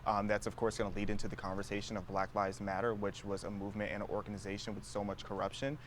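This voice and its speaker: A man's voice: fairly low pitch, flat delivery, fast talker, a little hiss or hum. A man on a debate panel, arguing his points firmly.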